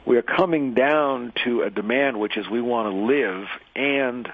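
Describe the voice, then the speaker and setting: A man telling a parable and then speaking his mind, halting, often repeating words and using fillers. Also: medium pitch. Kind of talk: monologue commentary with a parable. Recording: tinny phone-like radio sound.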